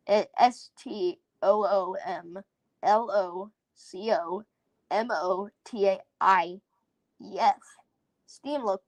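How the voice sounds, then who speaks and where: A woman's voice: medium pitch, darkish tone, no echo. A woman hosting a casual solo podcast, rambling and giggling as she sounds out foreign words. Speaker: podcast host.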